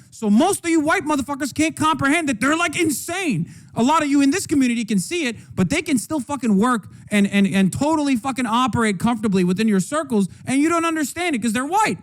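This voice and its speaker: A high-voiced man hosts a livestream and reacts to political news. He rants heatedly and sarcastically, swearing freely as he goes. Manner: heated, profane, sarcastic ranting. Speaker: streamer host.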